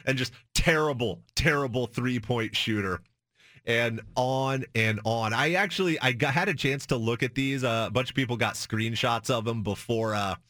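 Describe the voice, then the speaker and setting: Bright-voiced man telling a sports story. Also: no echo, studio quality. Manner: animated, acts out dialogue with shifting pitch. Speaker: podcast co-host, former beat reporter. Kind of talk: casual basketball chat, storytelling.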